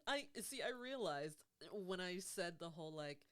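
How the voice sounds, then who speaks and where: A woman with a low voice co-hosts a casual podcast. Her pitch swings widely as she talks, and she laughs often and swears freely as the chat goes on. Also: expressive, normal speed, a bit bright. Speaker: podcast co-host and life coach.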